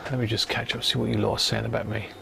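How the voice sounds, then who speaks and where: A man's voice: lowish voice, level tone, very fast, vocal fry, background noise. A man chatting casually on a live stream while he repairs a radio in his home workshop, rambling and muttering to himself as he works.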